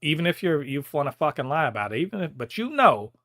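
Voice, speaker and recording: Animated, profane man ranting on a podcast. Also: a little high, fast talker, no echo, studio quality. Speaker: podcast co-host. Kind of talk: casual podcast chat.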